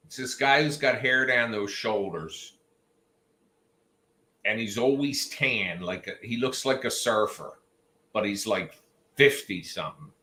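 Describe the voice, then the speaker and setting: A man's voice: on the low side, measured pace, long pauses, pushed and bright. A man hosting a livestream, telling rambling, jokey stories in a casual chat with his viewers. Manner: chatty storyteller, jokey asides. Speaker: livestream host. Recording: roomy echo.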